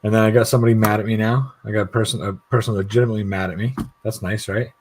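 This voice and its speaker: A man's voice: lowish voice, level tone, racing, darkish tone, slight background noise, rough recording. A middle-aged man rambling and laughing in casual chat on a video call, swearing freely. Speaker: guest YouTube creator.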